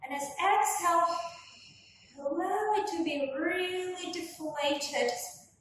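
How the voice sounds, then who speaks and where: A woman instructor gently guiding a pilates workout, calmly cueing breath and movement, recorded in a room at home. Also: very high-pitched, slow. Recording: echoey room from far off, faint noise.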